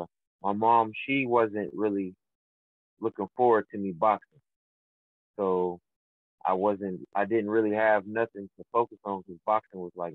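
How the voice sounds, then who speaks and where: A man's voice: low voice, dry recording. A young man, a boxer, talking loosely on a call-in interview, rambling with lots of fillers and restarts. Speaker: professional boxer, guest. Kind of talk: casual phone interview. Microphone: phone. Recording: tinny dry phone line.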